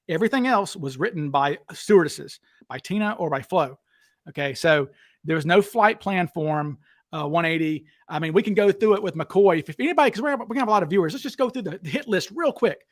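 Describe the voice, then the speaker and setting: Blunt, combative Southern man, high voice. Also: animated, brisk, dry recording, clean studio sound. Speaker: host. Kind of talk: heated livestream discussion.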